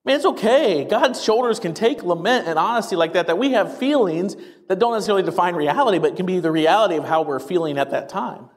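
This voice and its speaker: A pastor with a notably high voice delivers an energetic sermon, tossing in wry asides. He sounds a little winded from talking fast. His voice rings out with the long reverb of a church sanctuary. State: getting out of breath.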